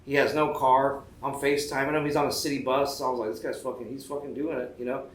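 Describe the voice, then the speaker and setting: A man's voice: medium pitch, flat delivery, a little hiss or hum. A man in casual chat, joking and swearing as he tells a story. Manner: fast, joking, swears a lot. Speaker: tattoo shop owner guest. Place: tattoo convention. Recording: roomy echo.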